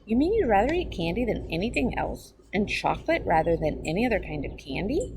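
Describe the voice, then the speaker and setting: A woman's voice: medium pitch, big pitch swings, a little fast, creaky. Woman doing a patient, persistent father. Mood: persuasive. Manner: earnest, persistent. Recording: background noise.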